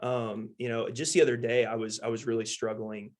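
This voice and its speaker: A man's voice: medium pitch, little pitch movement, fairly quick, a little mellow. A middle-aged man and guest co-host speaking openly and earnestly in a casual podcast conversation. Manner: earnest, open and heartfelt.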